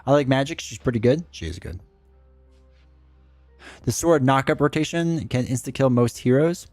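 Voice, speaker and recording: A man's voice: medium pitch, lively intonation, moderate pace, a little mellow, dry recording, faint music behind. A man streaming live, chatting casually and answering his chat in a rambling way.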